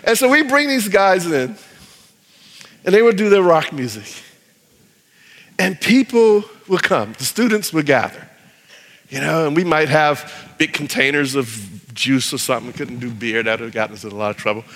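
Lively, bright-voiced male pastor preaching. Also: a little high, moderate pace. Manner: animated storytelling, acting out quoted voices. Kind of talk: sermon. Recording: long hall reverb.

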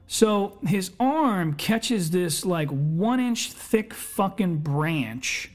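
This is a podcast host spinning a long story in a loose, rambling way. The speech is packed with swearing and fillers, and the pitch sits at an ordinary middle level. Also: animated, very slow. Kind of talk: casual storytelling.

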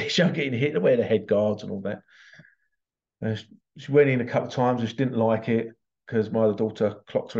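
A man's voice: mid-range voice, gravelly, darkish tone, lo-fi sound. A man telling a story as a parent in a casual motivational talk, acting out the voices of the people in it. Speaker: parent giving life advice.

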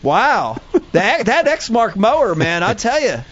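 A man hosting a comedic talk show, teasing his caller in an excitable way. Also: high voice, measured pace. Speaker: host. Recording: dull lo-fi audio.

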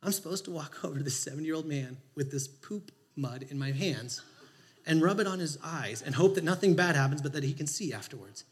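A man pastor preaching a sermon, telling a personal story in a conversational, animated way and acting out his own thoughts. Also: on the high side, a little fast.

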